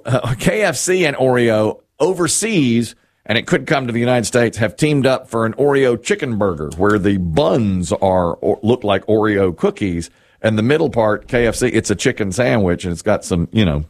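Animated chatty male talk-show host. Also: fairly low pitch. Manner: animated, chatty, quick asides. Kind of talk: casual talk show banter.

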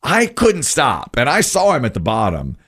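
A man hosting a talk show, telling stories in an animated, self-mocking way. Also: medium pitch, normal speed, husky. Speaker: radio show host. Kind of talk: casual storytelling chat.

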